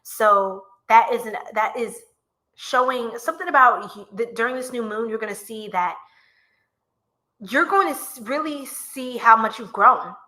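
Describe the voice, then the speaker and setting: This tarot reader and livestream host has a slightly high, bright voice with a forceful tone, and she doesn't rush. She keeps her reading casual and fun, laughing a lot and using slang with her chat.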